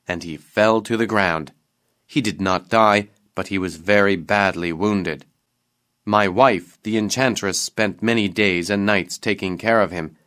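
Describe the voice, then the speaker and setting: A man voicing a cursed young king from a storybook, sorrowful and subdued as he tells his tale. The voice is low and quiet, close to the reader's own. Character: sorrowful young king, half turned to stone.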